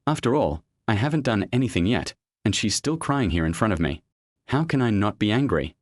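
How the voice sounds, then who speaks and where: A man narrating a web comic recap in a steady first-person storytelling manner. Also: on the low side, fairly quick, no room sound.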